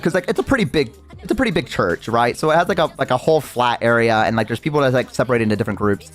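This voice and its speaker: A man's voice: medium pitch, lively intonation, rapid-fire, soft background music. A young adult man, a streamer, telling a story in a rambling casual way, full of fillers and swearing.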